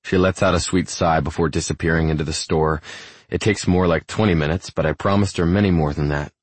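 A man narrating a first-person romance novel in a calm, measured way. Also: a bass voice, breathy edge, dry recording. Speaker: audiobook narrator.

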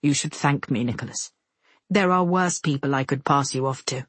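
A woman's voice: very deep voice, normal speed, slightly rough, dry recording, voice pushed down. A woman voicing a stern, commanding man in authority, speaking curtly in an audiobook.

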